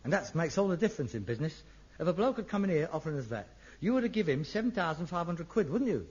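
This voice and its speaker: A touchy son, high, swooping voice, radio sitcom. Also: male voice, sing-song, fast, a little mellow, slightly rough. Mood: irritable. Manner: irritable, snapping, flares into rants. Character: frustrated middle-aged London son, irritable and touchy. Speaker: grown son. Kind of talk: 1960s radio sitcom acting. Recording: dull lo-fi old radio recording.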